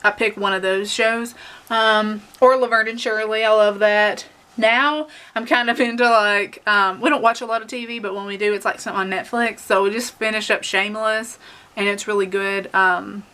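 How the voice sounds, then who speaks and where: Chatty Southern woman, bright voice. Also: mid-range voice. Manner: chatty, rambling, laughs often, many fillers. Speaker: beauty vlogger. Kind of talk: casual to-camera chat.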